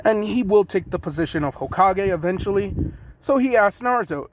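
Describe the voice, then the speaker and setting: A man's voice: high-pitched, lively intonation, fairly quick, slight background noise. A man casually retelling a fan-made story, rambling and often correcting himself with lots of fillers.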